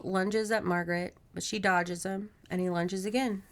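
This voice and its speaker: A woman podcast host reading a horror novel aloud in steady narration, with casual asides to her co-host. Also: mid-range voice, normal speed, hardly any pauses.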